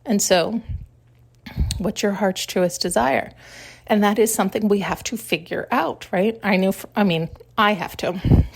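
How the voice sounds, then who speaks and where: A woman hosting a podcast, talking through spiritual ideas in a reflective monologue, musing and searching for words with pauses and self-corrections. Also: mid-range voice, creaky, breathy edge. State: tearful at times. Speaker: podcast host.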